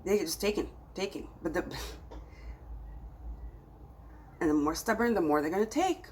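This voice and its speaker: A woman's voice: on the low side, expressive, slow pace, pauses often, darkish tone, rough recording. A woman giving a spiritual tarot reading to her viewers, talking in an emphatic, scolding way that swings between exasperation and pleading. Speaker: tarot reader.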